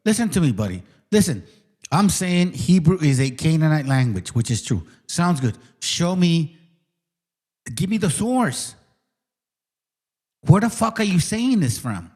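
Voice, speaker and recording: Combative man ranting, fairly high voice. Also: very animated, a little slow, pauses often, darkish tone. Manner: combative, profane, mocking. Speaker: channel host. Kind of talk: heated livestream rant.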